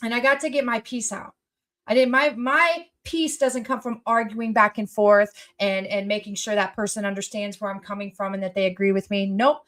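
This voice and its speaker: A woman talking casually to her viewers, blunt and emphatic, who swears freely and swings from loud outbursts to soft asides. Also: medium pitch, steady tone, moderate pace. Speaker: vlogger. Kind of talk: casual personal talk to viewers.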